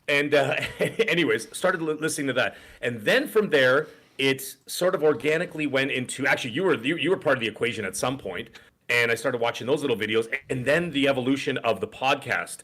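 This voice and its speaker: A man's voice: medium pitch, brisk, a bit bright, breathy edge. A middle-aged man co-hosting a podcast in casual chat, rambling through stories and acting out the voices of people he quotes. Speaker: podcast co-host. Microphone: desk podcast microphone.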